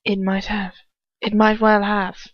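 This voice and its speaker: A woman's voice: medium pitch, flat delivery, a little slow, dry recording, dull audio, natural voice. A woman voicing a cold, disdainful aristocratic man with a hissing, drawling English accent. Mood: restrained anger.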